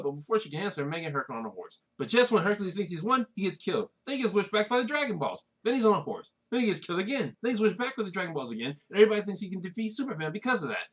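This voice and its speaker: A man rattles through a comedic movie recap in a deadpan, wisecracking voice. His pitch is a bit high and very lively, and his tone is husky. He moves at a rapid clip. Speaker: comedy narrator.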